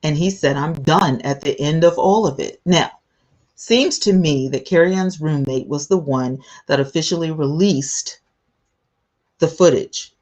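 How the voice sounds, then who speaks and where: Low slow-talking woman streamer. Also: a little mellow, lo-fi sound. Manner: chatty, greets viewers by name, emotional asides. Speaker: livestream host. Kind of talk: casual livestream commentary.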